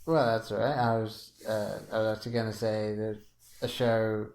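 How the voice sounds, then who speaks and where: A man co-hosting a podcast in a relaxed, rambling way, often chuckling as he talks. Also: lowish voice. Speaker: podcast co-host. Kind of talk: casual podcast chat.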